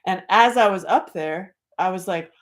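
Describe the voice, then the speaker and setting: A woman comedian telling a personal story in an animated way, jumping between loud exclamations and hushed asides, cursing and laughing often. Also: fairly low pitch, normal speed.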